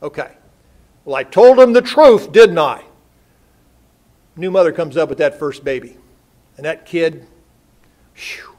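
Folksy high-voiced preacher. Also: male voice, lively intonation, a little slow, long pauses, darkish tone. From United States. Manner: folksy, storytelling with rhetorical questions. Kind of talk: sermon. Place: church sanctuary.

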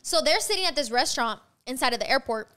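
Podcast host: high, bright woman, rapid-fire profane storytelling. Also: clean tone. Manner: fast, profane, animated storytelling. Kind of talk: casual storytelling chat.

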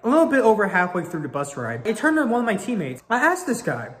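A man's voice: sits high, very animated, fast talker, a bit bright, in a large hall. A young man in his late teens telling a story in a casual, exasperated, swearing way. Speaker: vlogger.

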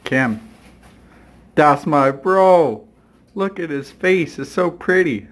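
A man's voice: on the high side, animated, takes it slowly, slight background noise. A man talking casually to a handheld camera in a vlog, playful and joking. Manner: playful, joking, hums and sings silly sounds. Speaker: vlogger.

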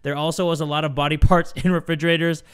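A man hosting horror game commentary, excitable and swearing, jumping between mutters and sudden yelps. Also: on the high side, fast, clean tone. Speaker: gaming video host.

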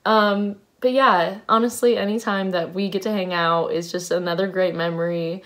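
A woman's voice: fairly low pitch, steady tone, normal speed, a bit bright. Bubbly young woman sending birthday wishes. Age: young adult. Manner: bubbly, reflective, laughing between thoughts. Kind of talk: casual video message.

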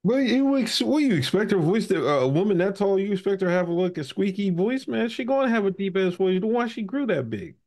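A man hosting a casual podcast, telling stories with animated, profane banter. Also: sits high, a little fast, few pauses. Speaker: podcast host.

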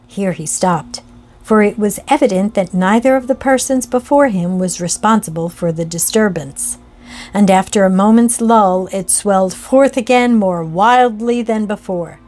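A woman narrating a classic ghost story in a slow, measured reading voice. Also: medium pitch, darkish tone.

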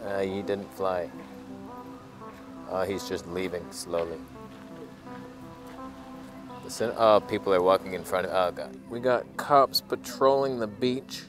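A man's voice: deep voice, a little slow, pauses often, music in the background. A man chatting playfully outdoors as a camera vlogger, joking at his own expense and slipping into mock narration. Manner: playful, self-mocking banter with mock narration. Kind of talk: joking outdoor vlog chat. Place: outdoors at a beach ridge.

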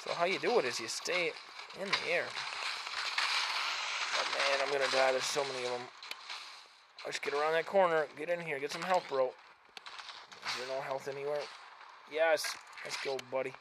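A man hosting his gaming channel, giving chatty, self-mocking commentary while he plays, swinging between mumbling asides and loud frustrated outbursts. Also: mid-range voice, moderate pace, pauses often. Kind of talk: casual gameplay commentary. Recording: noisy background.

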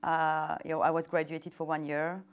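Soft-spoken woman, non-native English. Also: deep voice, flat delivery, moderate pace. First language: not English. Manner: hesitant, many fillers, soft laughs. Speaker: interviewee. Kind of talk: casual personal account. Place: lit indoor interview set. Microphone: wireless lapel mic.

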